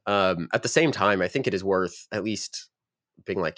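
A man's voice: low-pitched, normal speed, fairly bright tone, no echo, studio quality. A man co-hosting a podcast, talking reflectively with frequent hesitations. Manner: reflective, hesitant, many fillers. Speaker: podcast co-host. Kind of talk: casual chat.

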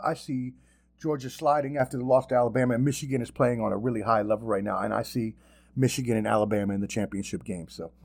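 A man hosting a podcast in casual sports chat, animated and profane, with mocking asides. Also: mid-range voice. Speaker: podcast host.

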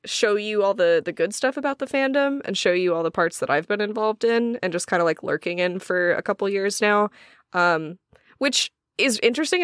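A woman's voice: lowish voice, fairly bright tone, no echo, clean studio sound. A woman with a faint Southern US accent, co-hosting a casual podcast, giggly and swearing freely. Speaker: podcast co-host. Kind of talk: casual chat.

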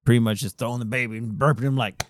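A man co-hosting a podcast in casual chat, relaxed and joking, a father of two. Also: medium pitch, rapid-fire, dry recording, studio quality. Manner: relaxed, joking, laughs easily.

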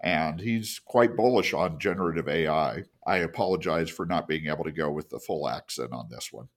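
This is a man co-hosting a podcast in relaxed conversation, with a deep voice. He explains things earnestly and lets his phrases drop lower as he finishes them. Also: moderate pace. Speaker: podcast co-host. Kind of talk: casual podcast discussion.

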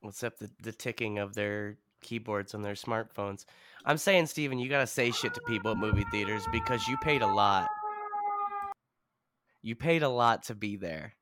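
A man co-hosting a movie podcast, swearing freely and telling animated stories in casual chat. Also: fairly low pitch, normal speed. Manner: profane, animated storyteller. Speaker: podcast co-host.

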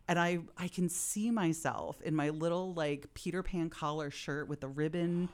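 Her voice is low-pitched and steady, her pace moderate with hardly any pauses. A woman in her forties, she is a podcast guest sharing personal childhood stories in a candid interview, heartfelt and reflective, with moments of open emotion.

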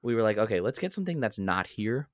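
A young man and podcast co-host telling a story in a casual, animated way. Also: fast, no room sound, clean studio sound. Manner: animated storyteller, jumps into high voices when quoting.

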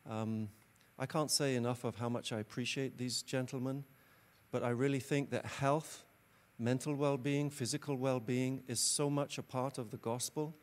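A man's voice: medium pitch, steady tone, normal speed. A man at a church event introducing guest speakers, earnest and appreciative, with frequent hesitations. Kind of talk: introduction remarks.

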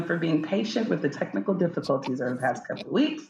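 A woman's voice: sits low, expressive, quick pace, darkish tone, slight background noise. A woman co-hosting a podcast, reading her notes and points about a reality show in playful casual chat. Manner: reads notes as numbered audit points, playful. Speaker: podcast co-host. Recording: dull, roomy mic after technical difficulties.

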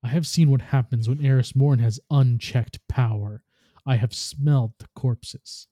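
A man reading the lines of a composed, authoritative woman leader who speaks with quiet authority. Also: medium pitch, steady tone, measured pace, no echo, clean studio sound, natural voice.

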